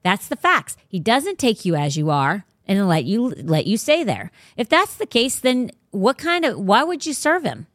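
A woman's voice: medium pitch, very animated, normal speed, hardly any pauses, fairly bright tone, no room sound, clean studio sound. A woman hosting a faith podcast, talking casually but bluntly and emphatically. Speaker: podcast host.

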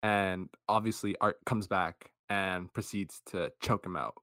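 A man co-hosting a casual movie podcast, talking in a relaxed way and chuckling as he recounts scenes. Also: deep voice, a little slow, no echo, studio quality. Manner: relaxed, chuckling, uses many fillers. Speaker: podcast co-host. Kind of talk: casual movie review chat.

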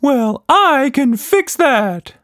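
A man voicing a wild magical blob monster who booms like a circus ringmaster. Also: sing-song, very slow, dry recording, studio quality, exaggerated voice. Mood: showy. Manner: theatrical, booming ringmaster.

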